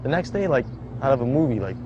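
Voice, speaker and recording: A young man recounting a personal survival story in a casual, halting way, with many "like" fillers. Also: mid-range voice, big pitch swings, lo-fi sound, background noise. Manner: casual, halting, heavy use of "like". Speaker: survivor telling his story. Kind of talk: documentary-style personal account. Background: background music.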